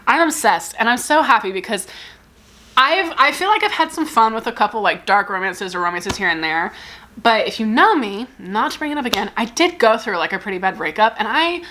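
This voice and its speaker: A woman's voice: fairly high pitch, animated, a little fast, pushed and bright. A young woman chatting casually in a book vlog, rambling and giggling as she gushes and cuts herself off. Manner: rambling, giggly and gushing, self-interrupting. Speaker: book vlogger. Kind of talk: casual chat.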